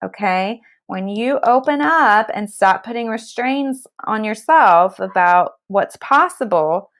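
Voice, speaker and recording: A woman's voice: mid-range voice, animated, takes it slowly, fairly bright tone. A woman giving a live tarot card reading, talking straight to viewers with blunt, emphatic tough-love advice, some swearing, and a constant "okay?" to check in. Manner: keeps checking in with "okay?" and "all right?".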